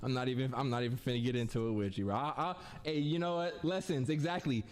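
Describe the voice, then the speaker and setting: A young man tells funny personal stories in a casual, slangy, animated way, acting out what people said. His voice is medium-pitched and quick, with faint music in the background.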